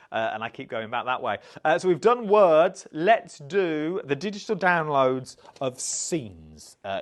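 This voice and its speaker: A man with a British accent presenting a live craft shopping show, chatty and upbeat, reading out viewer comments as he goes. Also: mid-range voice.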